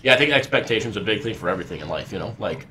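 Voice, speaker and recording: A man co-hosting a casual podcast chat, throwing in quick jokes and questions. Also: on the low side, animated, bright, forceful tone, slight background noise, poor audio. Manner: quick, joking interjections. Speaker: podcast co-host.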